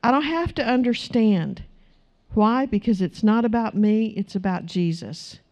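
A woman's voice: on the high side, expressive, a little slow, darkish tone. A woman preaching a sermon in church, emphatic and asking her congregation rhetorical questions.

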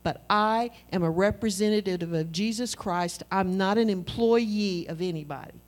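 With a mid-range voice and a moderate pace, a middle-aged woman delivers a lively, conversational sermon, playing out small exchanges between herself and her husband.

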